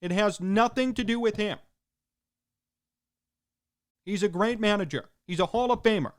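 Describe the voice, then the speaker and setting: A man's voice: high voice, normal speed. A man hosting a sports talk show, delivering an emphatic opinion monologue in punchy, repeated short sentences.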